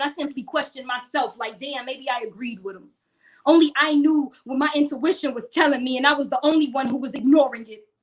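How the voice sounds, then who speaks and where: A woman with a high voice performs spoken word poetry. Her delivery is rhythmic and rhyming, laced with blunt profanity. She talks straight at her listeners like a preacher. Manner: preacherly, addressing the crowd directly.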